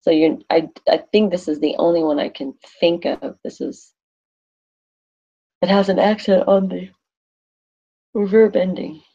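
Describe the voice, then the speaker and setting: A woman's voice: on the low side, fairly even intonation, unhurried, pauses often, dark tone, husky, muffled recording. A woman teaching a Spanish class in a classroom, thinking aloud and quizzing her students.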